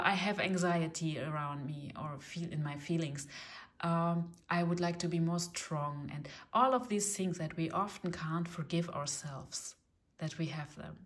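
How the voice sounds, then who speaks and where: Gentle German woman reading tarot. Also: on the low side. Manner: gentle, reassuring, often asks "yes?". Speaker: tarot reader. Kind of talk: casual tarot reading talk.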